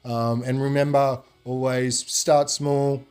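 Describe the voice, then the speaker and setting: A man, a podcast guest telling stories in a loose, rambling way full of fillers, getting animated when he quotes people. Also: mid-range voice, slow pace, clear, resonant tone, faint music behind. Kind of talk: casual storytelling.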